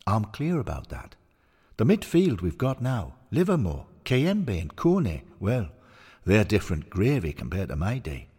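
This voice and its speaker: A man's voice: lowish voice, wildly swooping pitch, measured pace, a little mellow, breathy edge, in a large hall, exaggerated voice. A man voicing an opinionated football fan arguing his point in an audio story. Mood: insistent.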